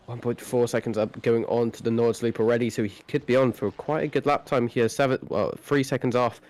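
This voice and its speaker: A man's voice: medium pitch, fairly even intonation, brisk, darkish tone. A man co-commentating a sim race live, talking through laps and trading dry jokes. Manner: dry, joking banter.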